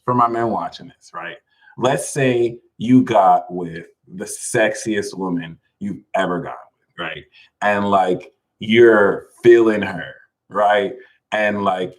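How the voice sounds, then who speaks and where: A man's voice: fairly low pitch, low-quality recording. A man hosting a casual livestream, talking animatedly, laughing a lot and reading viewers' names from the chat. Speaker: livestream host.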